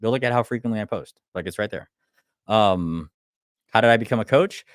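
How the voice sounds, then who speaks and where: Young man, casual livestream talk, blunt, swears a lot, low voice, dry close mic. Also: a little fast, no room sound. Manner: blunt, profane, acts out clients' lines. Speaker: online business coach.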